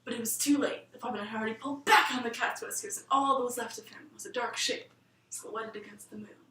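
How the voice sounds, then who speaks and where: A woman telling a bedtime story in a lilting, expressive manner. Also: fairly high pitch, quick pace, far from the mic, slight background noise. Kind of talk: storybook narration. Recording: roomy room, voice set back from the mic.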